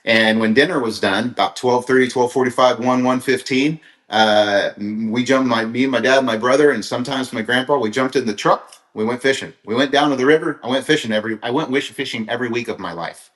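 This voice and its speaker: A man's voice: mid-range voice, a little fast, a bit bright, reverberant. A middle-aged man from Kansas giving an earnest, rambling motivational talk on a livestream, telling stories with frequent restarts. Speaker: motivational speaker. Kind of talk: live-streamed motivational talk.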